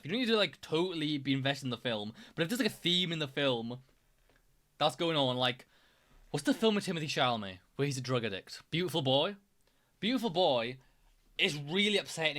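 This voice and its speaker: A man's voice: on the high side, fairly bright tone. A man chatting casually as a streamer reacting to videos, enthusiastic and rambling. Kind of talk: casual chat.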